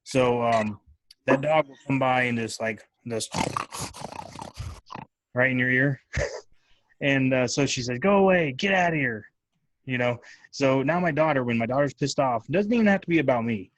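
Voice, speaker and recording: A man's voice: mid-range voice, normal speed, long pauses, no echo. A man hosting a podcast, telling family stories in casual chat, with lots of swearing. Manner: profane, animated storytelling. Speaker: podcast host.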